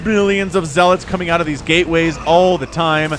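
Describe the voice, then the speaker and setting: A young man giving chatty, excitable solo play-by-play commentary on a strategy video game, laughing now and then as he talks. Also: a little high, fairly quick, a little hiss or hum. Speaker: esports caster.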